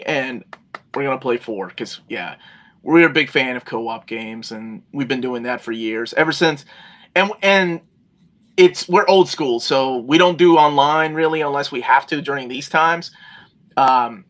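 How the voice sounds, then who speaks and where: A man's voice: mid-range voice, moderate pace. A middle-aged man co-hosting a casual chat about games, telling stories animatedly. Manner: animated, acts out yelling at friends. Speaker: podcast co-host.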